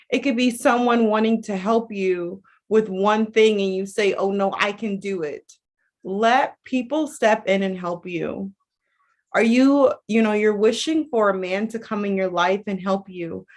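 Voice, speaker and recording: A woman coach talking casually to viewers in a rambling, chatty way, full of fillers and restarts. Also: mid-range voice. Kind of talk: casual livestream talk.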